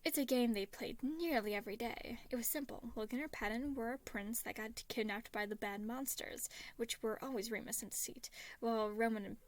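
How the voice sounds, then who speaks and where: A woman reading a fan story aloud in steady narration, sometimes dropping to a soft whisper. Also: fairly high pitch, a little fast, few pauses. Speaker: fan fiction reader.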